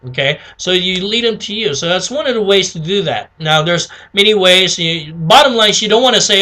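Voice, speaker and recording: A man's voice: sits high, lively intonation, a little fast, few pauses, pushed and bright. A man teaching sales calls in a casual, chatty way, often checking in with "okay?" and acting out sample phone calls. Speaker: sales trainer. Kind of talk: casual instructional talk.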